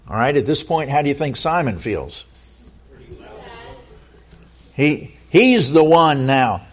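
A man with a somewhat high voice preaches a sermon, reading scripture and then unpacking it for his listeners. He talks earnestly and leans on rhetorical questions. He often stumbles and repeats words as he presses his points. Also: very animated, moderate pace, few pauses.

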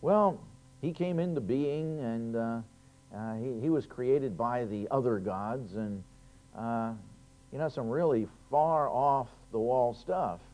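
In a slow, warm, mid-range voice, a man preaches, reading scripture aloud and emphasizing the key phrases. His emphatic manner rises on important words, and he frequently starts over. Sound quality is dull and lo-fi.

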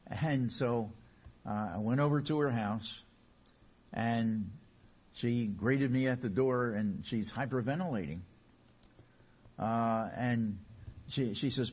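A male pastor delivering a sermon, his voice swelling in loudness to stress points. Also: medium pitch, slow, pauses often, slightly rough. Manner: preaching with emphatic swells in loudness. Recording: dull lo-fi recording.

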